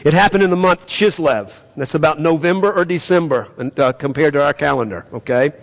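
Male pastor, high voice, preaching a sermon, fervent, direct questions to the congregation. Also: a little fast, creaky. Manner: impassioned preaching, rising in pitch and volume when reading prayers.

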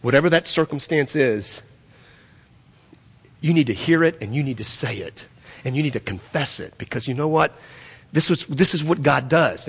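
A man's voice: fairly high pitch, husky. A man preaching a sermon, telling a story and repeating phrases as he builds to emphatic peaks. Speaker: pastor. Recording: long reverb of a hall.

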